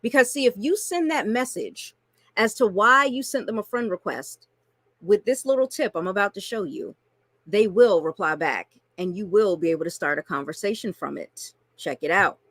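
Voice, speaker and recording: A woman's voice: mid-range voice, animated, normal speed, a bit bright, dry recording. A woman coaching online marketers through a screen-share tutorial, chatty and casual, often checking in with "right?" and "okay?".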